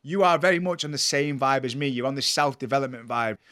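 A man's voice: mid-range voice, fast talker, a bit bright, clear, resonant tone. A man hosting a podcast, interviewing a friend in an upbeat, encouraging, slangy way. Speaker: podcast host.

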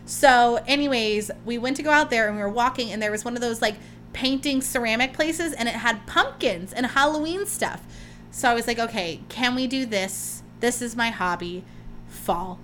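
A woman's voice: a little high, moderate pace, fairly bright tone, slight background noise. A young woman hosting her own podcast, chatting casually and gushing about her week with lots of "like"s. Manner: gushing, chatty, rambling with many "like"s. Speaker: podcast host. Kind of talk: casual solo chat.

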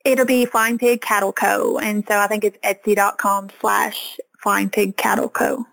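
A woman's voice: medium pitch, little pitch movement, unhurried, gravelly, a bit bright, low-quality recording. A woman farmer from Arkansas with a Southern accent, talking earnestly as a guest in a casual podcast interview. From Arkansas, USA.

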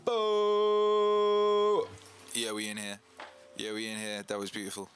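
A man's voice: lowish voice, monotone, fairly quick. Hyped man hosting a livestream. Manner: hyped, boastful, repetitive shout-outs. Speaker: livestream host and DJ. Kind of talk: casual livestream chat. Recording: faint music in the background. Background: Christmas music playing.

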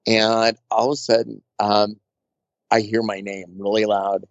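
A makeup artist being interviewed, telling stories in a chatty, rambling way with lots of fillers and restarts. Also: male voice, fairly low pitch, flat delivery, a little slow, no room sound. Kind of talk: casual storytelling interview. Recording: dull lo-fi dry sound.

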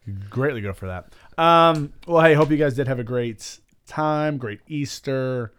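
Jokey, animated male podcast host. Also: mid-range voice, a little slow, clean tone. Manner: jokey, animated, laughs often. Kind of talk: casual chat.

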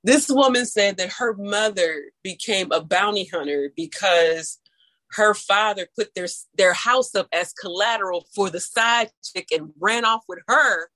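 A woman from St. Louis with a St. Louis accent, telling stories in casual chat, animated and laughing, with big leaps in pitch. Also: measured pace, rough recording. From St. Louis, USA. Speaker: storyteller guest.

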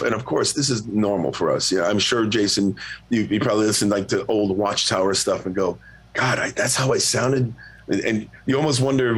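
A middle-aged man, a guest singer, telling a long story in a relaxed, profane, self-mocking way. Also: lowish voice, husky. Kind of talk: casual storytelling.

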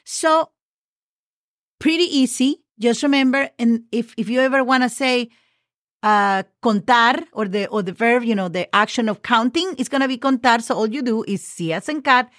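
A woman's voice: fairly high pitch, moderate pace, fairly bright tone, no room sound, clean studio sound. A woman teaching a casual Spanish lesson, patiently spelling words letter by letter with example words and asking the listener questions.

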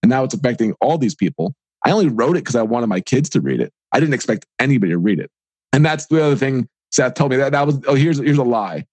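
A man in his forties, a podcast guest and author, talking in a casual, energetic and rambling way and acting out little imagined dialogues. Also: mid-range voice, fast talker, husky, no room sound. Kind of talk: casual interview talk.

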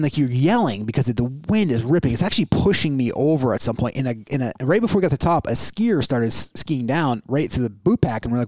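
A man in his thirties casually retelling an adventure story in a rambling, animated way, full of restarts. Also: mid-range voice, fast, dry recording. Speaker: guest telling a story.

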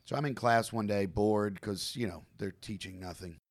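A man's voice: lowish voice, moderate pace. A man in casual conversation, telling a story about himself with self-mocking humor. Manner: self-mocking, laughs through his own stories.

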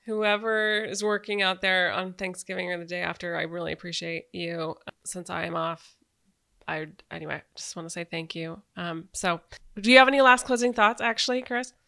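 A woman's voice: on the low side, fairly even intonation, moderate pace, vocal fry, bright, forceful tone. A woman hosting a podcast, chatting casually and gushing with enthusiasm. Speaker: podcast host. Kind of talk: casual conversation.

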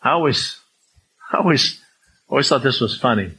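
A man delivers a conversational sermon with a bright, forceful tone. He reads scripture and briefly acts out everyday speakers in a raised voice. There is a faint hum of noise behind him. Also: mid-range voice, expressive, normal speed, rough recording. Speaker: pastor.

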